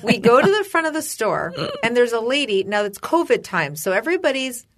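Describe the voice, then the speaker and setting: A woman's voice: a little high, sing-song, brisk, fairly bright tone. A middle-aged woman co-hosting a casual chat show, telling a story animatedly, acting out quotes and swearing freely. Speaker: podcast co-host.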